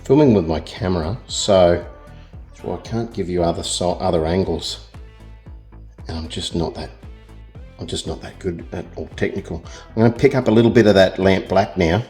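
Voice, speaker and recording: A middle-aged Australian man talks through a painting as he works, in a fairly low voice. His delivery is rambling and chatty, full of little self-deprecating jokes. Soft music plays faintly behind him. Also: normal speed. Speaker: art tutor. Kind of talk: real-time painting tutorial.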